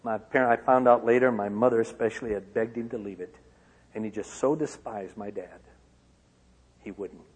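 A man from Michigan giving a personal testimony to an auditorium, swinging from loud outbursts to hushed lines. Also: fairly low pitch, moderate pace, breathy edge. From Michigan, USA. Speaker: speaker. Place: large auditorium. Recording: long hall reverb.

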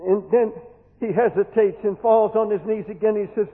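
A man's voice: sits high, fairly even intonation, moderate pace. A man preaching an impassioned sermon, repeating words as he pleads, in a church hall. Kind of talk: fervent sermon. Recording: tinny hall recording with long echo.

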